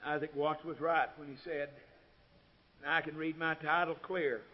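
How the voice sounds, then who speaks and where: A man preaching a sermon, swelling to loud, ringing climaxes and then dropping to a low, quiet tone. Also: flat delivery, unhurried, highs cut off.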